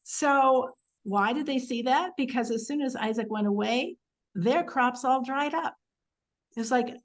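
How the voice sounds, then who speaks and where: A woman teaching the weekly Torah portion in a chatty, animated way, acting out quotes and using many fillers. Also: sits high, measured pace, poor audio.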